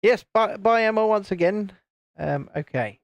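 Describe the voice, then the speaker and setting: A man's voice: animated, measured pace, gravelly, no room sound, lo-fi sound. Chatty man on a live build stream. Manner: chatty, teasing, reads out viewer comments; mimics friends in higher voices. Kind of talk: casual live-stream chat.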